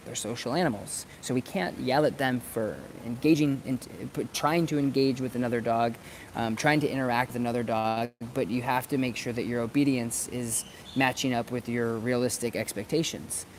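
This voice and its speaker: This dog trainer speaks to camera outdoors near planters in a mid-range voice with fairly even intonation and at normal speed, with a little hiss or hum on the audio. His instructional talk is casual and conversational, and he repeats words while he thinks.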